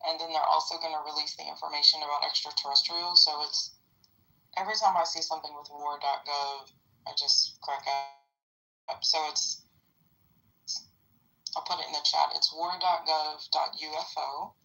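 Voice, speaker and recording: A woman's voice: sits low, steady tone, moderate pace, gravelly, pauses often, sharp tone. A woman in her fifties chatting casually on a live panel, rambling with many fillers. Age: 50s. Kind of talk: casual chat. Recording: phone-like line.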